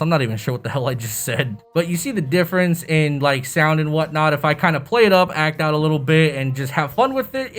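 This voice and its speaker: A young man hosting a casual software tutorial, chatting loosely with lots of swearing and self-mocking asides on a bass-boosted desk microphone. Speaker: YouTube tutorial host.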